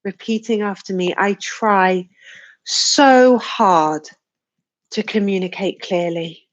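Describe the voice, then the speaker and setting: Woman guiding a slow, soothing tapping session. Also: mid-range voice, muffled recording. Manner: slow, soothing guidance with sighs and yawns. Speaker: tapping practitioner leading a live session. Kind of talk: guided tapping session, live stream.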